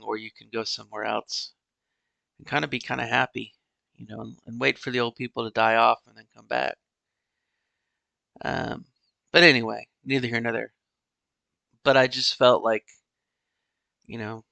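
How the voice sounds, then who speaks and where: A middle-aged man hosting a podcast alone, musing in a halting, rambling way with many "you know"s and restarts. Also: medium pitch, gravelly, bright, forceful tone, clean tone, no room sound. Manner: wistful, resigned musing. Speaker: podcast host. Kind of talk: casual solo monologue.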